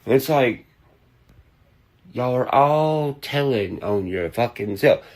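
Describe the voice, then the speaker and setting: A man's voice: mid-range voice, expressive, slow pace, a little mellow. Profane, heated man. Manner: profane, heated, mocking voices and humming. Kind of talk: profane ranting monologue.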